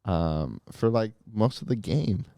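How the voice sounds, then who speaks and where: A man gives his opinions on soccer in a relaxed, easygoing way, his voice warm and a bit low. Fillers pepper his talk, and the sound is close and dry. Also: slow, smooth, no echo. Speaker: podcast co-host. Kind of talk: casual soccer chat.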